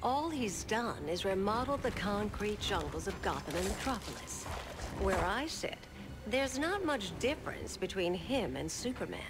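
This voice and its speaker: A woman's voice: medium pitch, big pitch swings, over loud music, lightly acted. Poison Ivy, a woman as a disdainful plant villainess. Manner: slow and disdainful. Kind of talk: video game voice acting. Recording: game audio under noise.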